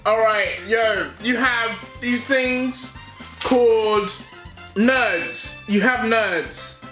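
A young British man on a casual taste-test vlog, reacting loudly and with excitement. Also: high voice, drawn-out words. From United Kingdom. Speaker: YouTuber. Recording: echoey room with loud music.

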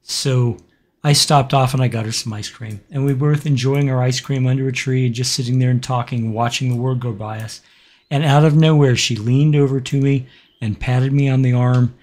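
Soft-spoken man recalling a story haltingly. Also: medium pitch, fairly even intonation. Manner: halting and reflective, with many pauses and fillers. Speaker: gaming channel host. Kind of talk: casual let's-play commentary with a personal story.

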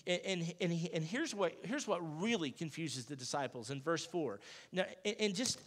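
A man in the role of pastor, giving a casual, conversational sermon, acting out Bible dialogue in a lively, jokey everyday voice. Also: sits high, normal speed. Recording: church sanctuary with long reverb.

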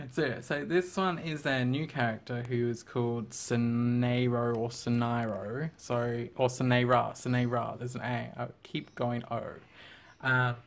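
A man's voice: steady tone, a little slow. Giggly young man chatting casually. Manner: giggly, drops into squeaky mock voices. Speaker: artist and channel co-host. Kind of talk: casual chat over a drawing video.

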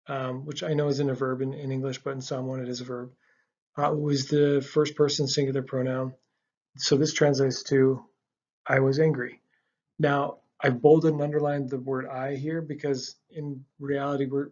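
A man's voice: medium pitch, darkish tone, dull audio. A man explaining a language lesson over slides, patient and step by step, with frequent ums and restarts. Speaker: language teacher. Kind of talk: casual slide-based lesson narration.

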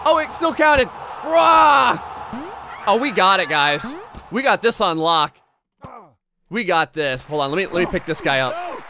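A man excitedly commentating his own gameplay, often shouting and laughing at what happens on screen. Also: a little high, moderate pace, long pauses, slight background noise. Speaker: gaming channel host.

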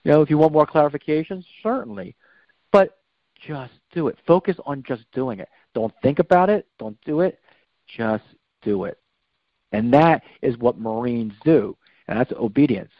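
A middle-aged man talking casually about faith and life as a guest, preachy and animated, leaning on "okay?" and "you know". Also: mid-range voice, normal speed, no room sound. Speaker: guest speaker. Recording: dull lo-fi dry recording.

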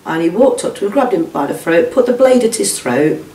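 A woman's voice: mid-range voice, animated, a little fast, mellow. A middle-aged woman giving a blunt, emotional first-hand account, swearing freely and acting out what others said. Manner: blunt, swears, acts out quoted speech. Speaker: whistleblower guest. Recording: echoey room, distant mic.

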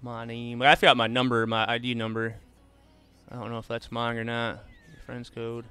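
A man's voice: medium pitch, monotone, normal speed, sharp tone, clean tone, soft background music. A man doing casual live gaming commentary, chatting easily with viewers and tossing in "man" and "bro" all the time. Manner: laid-back, drawls "man" and "bro" often. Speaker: streamer.

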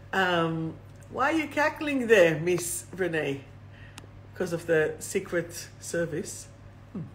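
Each affirmation gets read slowly and then repeated as this woman runs a live oracle card reading by phone or webcam. She's the host and reader, speaking unhurriedly in a bright, clear voice of medium pitch.

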